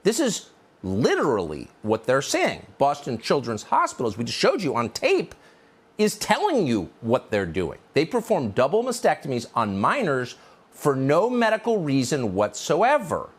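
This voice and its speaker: A man's voice: mid-range voice, huge pitch swings, normal speed, breathy edge. A man hosting a news commentary show, delivering a sarcastic, indignant opinion monologue.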